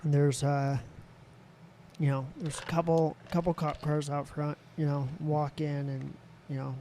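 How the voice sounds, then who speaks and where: A man's voice: on the high side, little pitch movement, measured pace, warm tone, a little hiss or hum. A man, a podcast guest telling a personal story in casual talk, candid and swearing freely. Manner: candid, swears freely, voices others in quotes.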